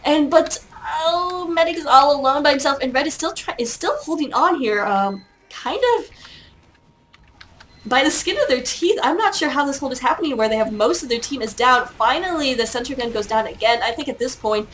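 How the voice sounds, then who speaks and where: A woman's voice: high voice, animated, moderate pace, a bit bright, slight background noise. A woman giving solo play-by-play commentary on an online game match, chatty and self-mocking, with many hesitations and fillers. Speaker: esports caster.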